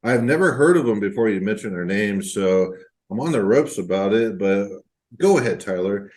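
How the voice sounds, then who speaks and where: Low-voiced joking podcast host. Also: male voice, lively intonation, a little mellow. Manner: joking, irreverent, quick. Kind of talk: casual podcast discussion.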